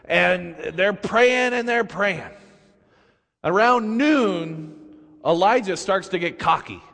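Animated preacher telling a story. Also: male voice, high-pitched, takes it slowly, vocal fry, in a large hall. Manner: animated, colloquial retelling. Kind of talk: sermon storytelling.

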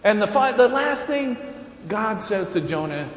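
A male pastor with a somewhat high voice speaks slowly, retelling scripture as a folksy, chuckling storyteller. His sermon rings with a long reverb through a big sanctuary, over faint room noise. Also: sing-song. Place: large church sanctuary. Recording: echoey church hall with faint room noise.

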